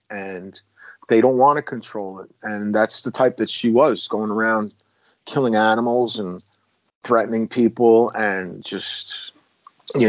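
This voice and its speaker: Middle-aged male ex-cop, guest storyteller, rambling delivery, mid-pitched voice, dry close sound. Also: darkish tone, dry recording, rough recording. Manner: rambling, with restarts and self-corrections. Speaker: guest, former police officer. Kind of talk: casual storytelling conversation.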